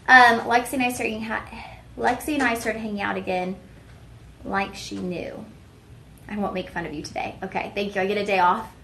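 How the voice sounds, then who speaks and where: A woman's voice: medium pitch, flat delivery, normal speed, vocal fry, pushed and bright, echoey room, a little hiss or hum. A young woman hosting a live shopping show, chatting with viewers and teasing herself. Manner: chatty and self-teasing, talks straight to viewers. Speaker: shopping channel host.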